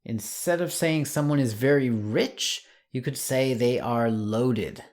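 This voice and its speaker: A man teaching an English lesson online, saying example words slowly and clearly. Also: mid-range voice, darkish tone.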